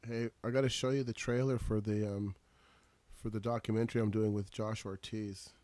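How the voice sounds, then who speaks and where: A man's voice: fairly low pitch, level tone, normal speed, darkish tone, dry recording. Laid-back man with dry humor. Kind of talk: casual chat.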